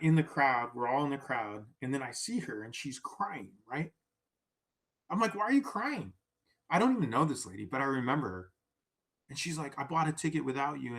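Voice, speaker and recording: A man in a casual podcast chat, spinning a long anecdote. He acts out the people he quotes and keeps checking in with "right?". His voice sits in a middle pitch. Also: fairly bright tone. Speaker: podcast guest. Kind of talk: casual storytelling.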